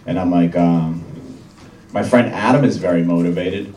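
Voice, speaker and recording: A young man doing a stand-up routine in a comedy club, with deadpan, dry one-liners. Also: deep voice, moderate pace, slight background noise. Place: comedy club with live audience. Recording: roomy club sound from a distant mic, crowd laughter.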